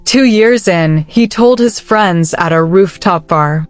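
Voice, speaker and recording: A woman narrating a story in a measured, even delivery. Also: lowish voice, no room sound, soft background music.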